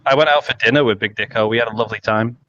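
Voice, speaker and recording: A man's voice: lowish voice, very fast, sharp tone, dull audio. A man from Manchester with a Mancunian accent, joking in a casual group voice chat. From Manchester, England.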